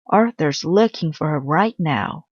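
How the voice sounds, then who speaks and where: Reassuring father for a storybook read-aloud, read by a woman; lowish, slightly dull. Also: expressive, a little slow, no echo. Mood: calm. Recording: slightly dull dry recording.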